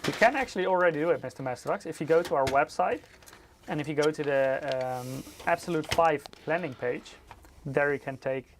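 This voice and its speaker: A man's voice: on the high side, a little fast, background noise. A man co-hosting a livestream, reading viewers' questions aloud and answering them, laughing often and teasing his co-host. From Europe. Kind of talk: casual livestream chat.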